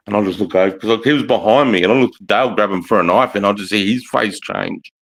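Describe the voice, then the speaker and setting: A man's voice: fairly low pitch, fast talker, creaky, poor audio. A man, telling a rambling story in casual livestream chat, swearing often and saying mate and bro.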